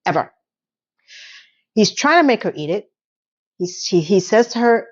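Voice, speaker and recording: A woman giving a casual, animated recap of a TV episode, telling the story with voiced quotes. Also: mid-range voice, unhurried, long pauses, muffled recording. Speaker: TV recap vlogger.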